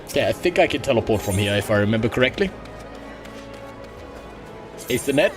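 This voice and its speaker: A man's voice: medium pitch, expressive, brisk, music in the background. A man streaming a game, chatting casually, rambling and crude with a joking tone. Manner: rambling, crude, jokey, with frequent restarts. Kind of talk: casual gaming stream chat.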